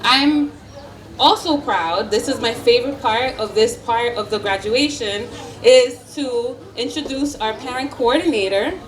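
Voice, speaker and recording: High-voiced woman giving an emotional ceremony speech. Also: measured pace. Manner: heartfelt, emotional and encouraging, laughs often. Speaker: school principal. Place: outdoor school ceremony. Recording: distant mic with faint background noise.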